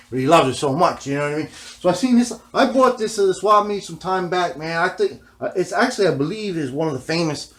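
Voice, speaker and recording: A man's voice: a little high, expressive, fast, few pauses, fairly bright tone. A man vlogging in a casual, rambling way, swearing often and ending nearly every phrase with "man". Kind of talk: casual rambling vlog talk.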